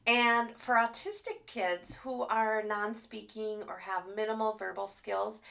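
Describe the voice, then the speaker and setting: Gravelly-voiced woman giving an animated lesson. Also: medium pitch, a little slow. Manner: animated, demonstrates sounds with expressive voice. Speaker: speech therapist. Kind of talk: live online training talk.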